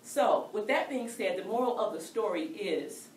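A woman telling a personal story to a speaking club, animated and playful. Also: mid-range voice, normal speed, a little hiss or hum. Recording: echoey room, distant mic, faint ambience.

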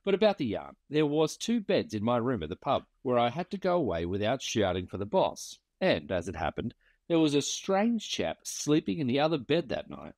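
A man's voice: medium pitch, huge pitch swings, moderate pace, darkish tone, dry recording. A man doing a wry old bush yarn-spinner. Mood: drawling yarn. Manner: dry, wry storytelling. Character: weathered male bushman spinning yarns.

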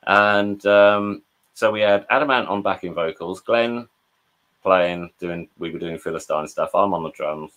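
Man, English accent, low voice, rambling anecdotes, frequent restarts, video call. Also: a little slow, fairly bright tone. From England. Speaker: guest, drummer. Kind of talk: casual storytelling interview.

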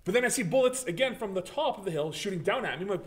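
A man co-hosting a casual gaming podcast, his voice sitting a bit on the higher side. He tells stories with lots of energy, swearing freely and replaying his own startled reactions along the way. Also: animated, very fast. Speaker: podcast co-host.

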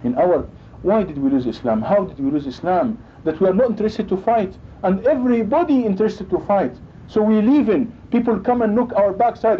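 Male preacher, high animated voice, emphatic delivery, dull lo-fi recording with faint rumble. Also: a little fast. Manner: emphatic, acts out quoted dialogue. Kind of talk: sermon.

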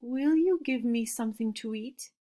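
A woman voicing a small hungry boy who pleads softly for food. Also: fairly high pitch, moderate pace, voice pushed up, natural voice. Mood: pleading. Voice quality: soft, pleading.

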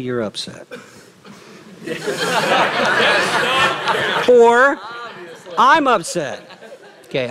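A middle-aged man preaching a sermon as lead pastor, lively, often acting out quoted remarks. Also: mid-range voice, very noisy. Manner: animated, acts out quoted speech. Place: church.

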